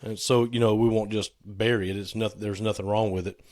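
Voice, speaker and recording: Slightly hoarse, joking man podcaster. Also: lowish voice, level tone, brisk, a little mellow, dry recording, studio quality. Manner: joking, teasing storyteller. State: a little hoarse. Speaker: podcast co-host. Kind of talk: casual podcast chat.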